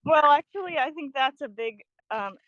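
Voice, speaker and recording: A woman who is a guest on a casual podcast chat, joking in a dry, deadpan way. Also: high-pitched, normal speed, dry recording, lo-fi sound.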